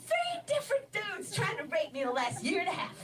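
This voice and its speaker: A woman doing an erratic stand-up set, often shouting and laughing between lines. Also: very high voice, huge pitch swings, fairly quick, recorded from a distance, a crowd in the background. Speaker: stand-up comedian. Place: comedy club stage.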